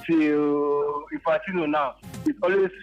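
A man's voice: fairly high pitch, fairly even intonation, a little slow. A man calling in to a radio show, arguing insistently and repeating himself. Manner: insistent, repetitive, argumentative. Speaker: caller. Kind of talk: phone-in argument. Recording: phone call on radio, music behind.

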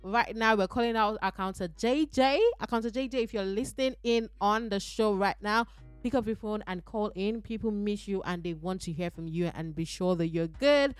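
A woman with a Nigerian accent hosting a radio call-in show from the studio, lively and coaxing, urging listeners to call in. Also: medium pitch, normal speed, clean tone, no room sound, faint music behind. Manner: lively, coaxing, laughs between lines. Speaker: radio host. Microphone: studio mic.

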